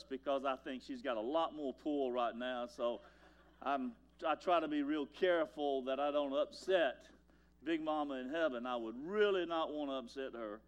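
Older man, pastor, sermon, folksy storytelling, mid pitch, loud-to-quiet swings.

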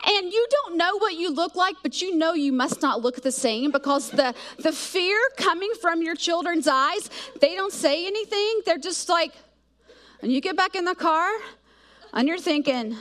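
A middle-aged woman preaching with a high, bright voice. She tells her stories with animation, slipping into the voices of herself and her children as she goes. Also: moderate pace. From South Georgia, US. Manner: animated storytelling, acts out voices of herself and kids. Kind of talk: sermon with personal stories.

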